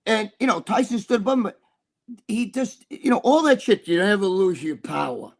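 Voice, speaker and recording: Middle-aged guy with a high voice, cussing and rambling on a live stream chat. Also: lively intonation, normal speed, gravelly. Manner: rambling, profane storytelling. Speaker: co-host.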